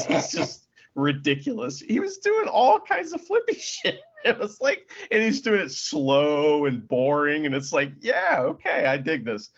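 A man's voice: on the high side, big pitch swings, unhurried, lo-fi sound. A man co-hosting a podcast, chatting about wrestling and laughing often. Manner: laughs often, swears casually. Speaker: podcast co-host. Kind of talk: casual wrestling recap chat.

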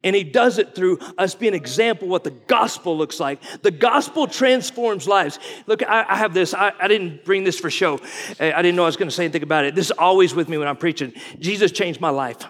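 40s guy preaching, pretty high voice, folksy and chatty, lots of reverb from a big hall. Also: brisk, fairly bright tone. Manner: folksy, conversational, asks the crowd questions. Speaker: guest pastor. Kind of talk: sermon. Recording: long reverb of a large hall.

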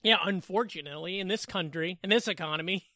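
A man's voice: high voice, quick pace, bright, forceful tone, no echo, studio quality. A man co-hosting a podcast from home, chatting casually with sarcastic, profane jokes. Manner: joking, profane, sarcastic asides. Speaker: podcast co-host. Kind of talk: casual comedic chat. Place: home living room.

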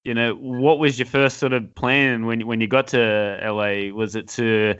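A man's voice: medium pitch, little pitch movement, a little slow, a bit bright, clear, resonant tone, lo-fi sound. A man hosting a podcast, chatty and agreeable, interviewing his guest. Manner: chatty, agreeable, lots of "yes". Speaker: podcast host. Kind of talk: casual interview chat.

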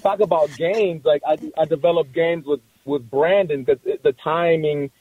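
Soft-spoken barber man, halting. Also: a little high, husky, no echo, narrow, tinny audio. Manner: halting, many restarts, laughs warmly. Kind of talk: casual conversation.

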